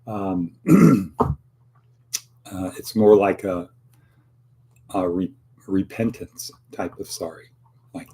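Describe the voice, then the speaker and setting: Guy doing a casual daily pep talk, rambly and jokey, darkish husky voice. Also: deep voice, very animated, slow, pauses often, warm tone. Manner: rambling, playful asides, acts out quoted voices. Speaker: host of a daily motivational talk. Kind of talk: casual solo monologue.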